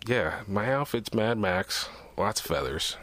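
A man riffs through casual podcast chat, cracking jokes and laughing often. His voice sits low but swings widely in pitch. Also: animated, a little slow, background noise. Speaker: podcast co-host. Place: small shed.

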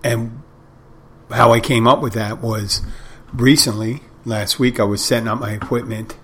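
A man's voice: mid-range voice, steady tone, a little slow, a bit bright, slightly rough. A middle-aged man hosting a podcast, telling wry, rambling anecdotes in a casual monologue. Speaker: podcast host.

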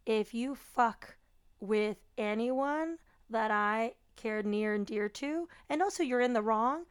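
A woman's voice: on the high side, slow, clean tone. A woman co-hosting a casual podcast, candid and joking, swearing freely. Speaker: podcast co-host, shop owner. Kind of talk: casual chat.

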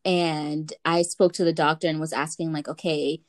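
A young adult woman talking casually with a family member, relaxed and chatty with lots of fillers. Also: sits low, normal speed.

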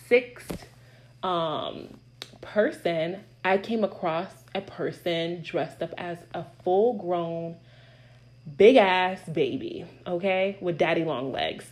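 A woman's voice: lowish voice, slow pace, rough recording. Blunt, swearing young woman vlogger. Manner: blunt, animated, swears freely. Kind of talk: casual storytime chat.

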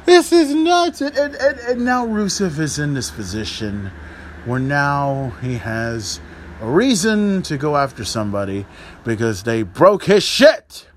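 A man's voice: medium pitch, big pitch swings, unhurried, a little hiss or hum. A man hosting a podcast, ranting casually about wrestling with profane, exasperated rambling. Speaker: podcast host. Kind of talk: casual wrestling commentary rant.

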